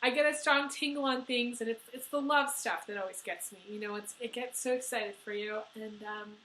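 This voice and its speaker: Woman tarot reader, teary and emotional, bright and a bit high voice. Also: brisk, reverberant, poor audio. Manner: emotional, teary, many fillers. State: crying. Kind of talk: tarot reading video.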